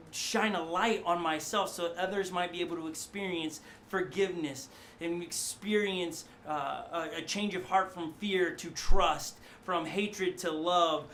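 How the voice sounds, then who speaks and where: A man speaking as a compassionate Jesus, slow and earnest. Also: sits high, a bit bright, a little hiss or hum, voice pushed down. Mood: tender.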